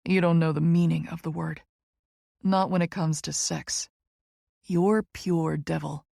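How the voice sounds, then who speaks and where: A woman voicing a dominant, teasing young man in an audiobook, speaking low, slow and commanding. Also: fairly even intonation, vocal fry, mellow, dry recording, clean studio sound, full character voice. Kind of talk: audiobook character voice.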